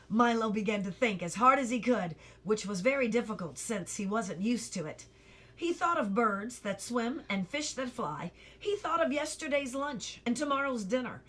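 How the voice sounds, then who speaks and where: A woman reading a children's novel aloud, putting on lively voices for the characters and pausing to correct her slips. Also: on the high side. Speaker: reader.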